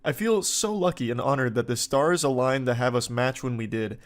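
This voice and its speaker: A man's voice: mid-range voice, moderate pace, lightly acted. A man reading out a gushing, overeager young woman's texts in a sugary, overly sincere tone.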